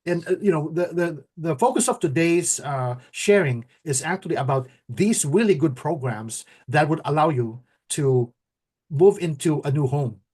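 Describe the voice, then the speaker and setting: A middle-aged man co-hosting a casual talk, excited and stammering often as he restarts his sentences. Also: fairly high pitch, moderate pace, breathy edge. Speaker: co-host.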